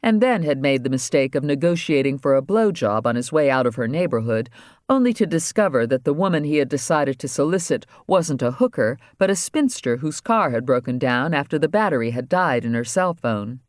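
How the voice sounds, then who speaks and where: A man reading a crime novel aloud as audiobook narrator, wry and steady. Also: mid-range voice, brisk, dry recording, clean studio sound. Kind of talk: scripted narration.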